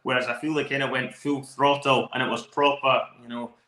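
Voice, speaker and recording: A man's voice: medium pitch, little pitch movement, a little fast, sharp tone. A man with a Scottish accent co-hosting a football podcast, giving long, enthusiastic match analysis. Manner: talkative, enthusiastic, long flowing takes. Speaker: podcast co-host. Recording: roomy echo.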